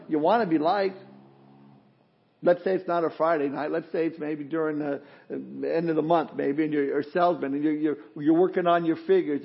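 A man's voice: a little high, vocal fry, slightly rough, highs cut off. A man preaching a sermon in a conversational way, acting out the excuses people make. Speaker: pastor.

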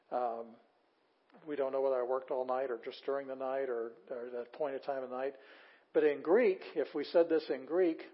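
An older man lectures a class, explaining patiently in a mid-pitched voice. He pauses on fillers and goes back over his sentences. The recording sounds dull and lo-fi. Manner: plain, patient explaining with fillers and restarts, reading words slowly aloud. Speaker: Bible Greek teacher.

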